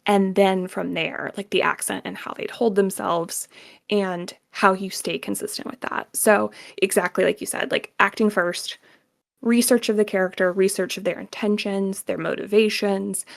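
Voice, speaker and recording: A woman voice actor talks casually as an interview guest, with a gravelly, slightly fried edge to her mid-pitched voice. She laughs often and keeps dropping "like" as she explains her points. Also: steady tone, moderate pace. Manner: chatty, laughs often, many "like" fillers.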